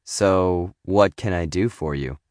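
A man voicing an adult male escort who speaks in a low, seductive, unhurried way. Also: a little mellow, no room sound, studio quality. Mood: knowing.

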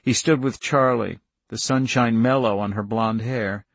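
A man reading a novel aloud in a measured, tense storytelling voice. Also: mid-range voice, steady tone, vocal fry, no room sound. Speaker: narrator. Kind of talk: audiobook narration.

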